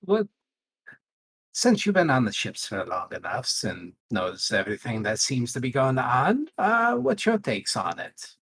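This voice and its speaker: A man's voice: mid-range voice, huge pitch swings, unhurried, fairly bright tone, slightly rough, voice pushed up, heavily acted, rough recording. A man voicing a folksy druid adventurer who talks in broken grammar, careful and curious. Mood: probing.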